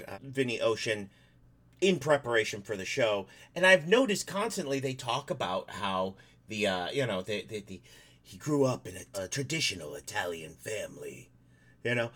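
Brash, bright-voiced man cohosting. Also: fairly low pitch, very animated, moderate pace. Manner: loud, profane, laughs often. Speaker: podcast co-host. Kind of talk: casual comedic chat.

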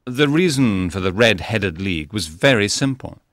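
A calm, clever detective. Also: male voice, lowish voice, no echo, studio quality. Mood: explaining. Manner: measured, explanatory. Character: calm, clever male detective, commanding and sure. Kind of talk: audiobook character reading.

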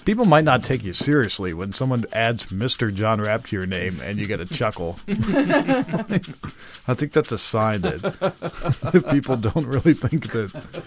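A man's voice: lowish voice, animated, a little slow, pauses often, crowd noise. A man hosting a podcast in casual chat, joking around and laughing often. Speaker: podcast host.

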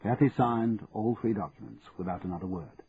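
Male narrator, measured audiobook reading, tinny narrow audio. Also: fairly low pitch, creaky. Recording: tinny narrow band, faint hiss.

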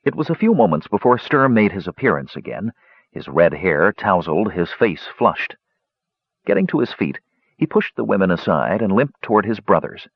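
Low, husky male storybook narrator with lively delivery, dry lo-fi sound. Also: normal speed, no echo. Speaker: audiobook narrator. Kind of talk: scripted narration.

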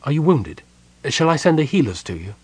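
A proud young elf king with an imperious, urgent bearing, as a man reads him in an audiobook. His voice sits higher than the narrator's own and carries a husky edge. He rises sharply when commanding. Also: very animated, a little fast, a little mellow, no room sound. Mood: anxious. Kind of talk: audiobook character reading.

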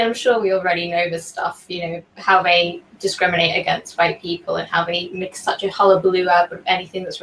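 A woman's voice: medium pitch, fairly bright tone, far from the mic. A chatty woman talks hesitantly, with light laughter. She sounds set back from the mic in an echoey room, with faint noise behind her. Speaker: co-host. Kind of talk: casual political talk show.

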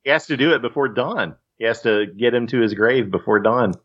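A man's voice: mid-range voice, brisk, husky, muffled recording. A man hosting a podcast in casual chat, rambling a little with fillers. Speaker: podcast host.

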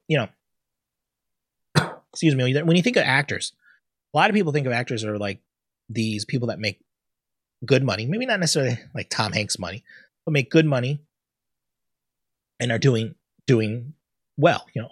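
A man's voice: mid-range voice, animated, moderate pace, long pauses, slightly rough, dry recording, clean studio sound. A man hosting a casual solo talk show, ranting bluntly and swearing freely about the news. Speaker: podcast host.

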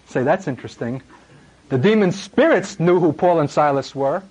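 A middle-aged man preaching a sermon, impassioned and dramatic, swinging from loud emphasis to hushed words. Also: on the high side, lively intonation, moderate pace, low-quality recording.

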